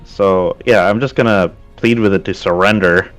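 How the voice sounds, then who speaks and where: A man's voice: low-pitched, moderate pace, a bit bright, clean tone, soft background music. A man playing a tabletop game, hesitantly asking how rolls and rules work. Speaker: player.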